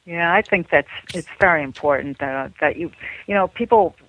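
An older call-in listener heard over a narrow, tinny telephone line. The voice sits at a middling pitch and sounds dry. The speaker rambles agreeably with plenty of fillers. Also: moderate pace, no room sound.

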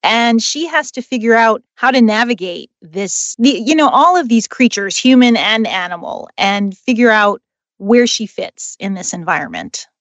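A woman's voice: fairly high pitch, lively intonation, moderate pace, dry recording, lo-fi sound. A woman who writes novels and trains dogs, answering interview questions in an enthusiastic, chatty way. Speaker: author and dog trainer. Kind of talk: interview guest.

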